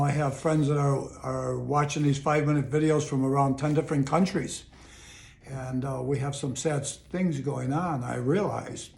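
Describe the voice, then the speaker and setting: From his home in Chicago, an older motivational video host speaks to camera in a relaxed, sincere, cheerful way, echoing his own phrases. His voice is mid-range with vocal fry, and there's background noise.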